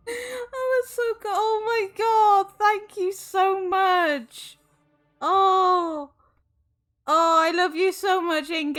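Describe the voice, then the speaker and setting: A woman's voice: very high voice, fairly bright tone. A young woman streaming live, casually chatting and effusively thanking her viewers, often exclaiming in shock.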